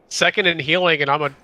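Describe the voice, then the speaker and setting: In casual gaming chat, a young streamer playing an online shooter reacts to the game, talks with friends and curses at his teammates. His voice sits on the high side, bright and forceful.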